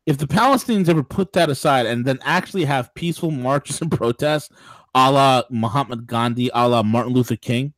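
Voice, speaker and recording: A man hosting a political talk show, speaking in an animated, digressive way with laughing asides. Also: on the high side, dry recording. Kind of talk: political talk radio commentary.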